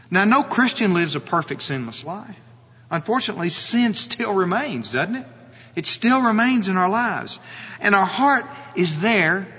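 A male pastor preaching a sermon, slow and earnest, often asking his listeners rhetorical questions. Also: high-pitched, bright, forceful tone, husky. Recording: dull audio with long hall reverb.

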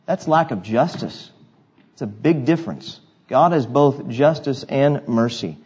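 A man's voice: medium pitch, expressive, unhurried, darkish tone, husky, lo-fi sound. A male pastor preaching an expository sermon, reading scripture and asking his congregation rhetorical questions in a conversational way.

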